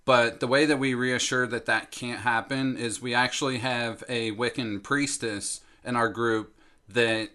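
A young man co-hosting a casual podcast, telling stories in a deadpan, earnest way. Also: medium pitch, unhurried. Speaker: podcast co-host.

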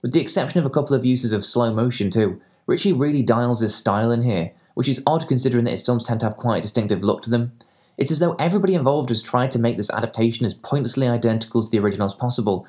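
Male reviewer, fast and sardonic, heavy on swearing, scripted comic delivery. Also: medium pitch, animated, a little mellow. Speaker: film reviewer. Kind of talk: scripted comedic review narration.

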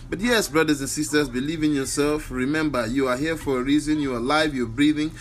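A man delivers a home-recorded motivational monologue, his voice sitting a little high. He preaches in emphatic, repeated declarations. A faint hiss runs under the recording. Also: fairly even intonation, fast, hardly any pauses, fairly bright tone. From Africa. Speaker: motivational speaker.

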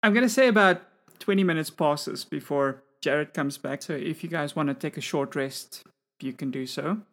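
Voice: mid-range voice, normal speed, a bit bright. A game master describing scenes and calling for rolls in a tabletop game.

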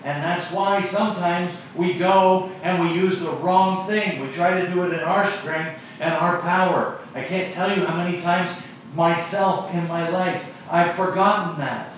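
A man's voice: high voice, a little slow, slight background noise. Preacher man in an echoey church. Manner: storytelling, then preaching with emphatic repetition. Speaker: pastor. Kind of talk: sermon. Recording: echoey distant lo-fi church recording.

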